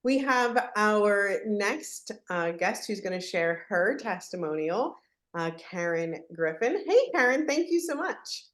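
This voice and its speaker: A woman's voice: mid-range voice, very animated, slow. A woman hosting an online training call, thanking guests with enthusiastic, effusive praise. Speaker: host.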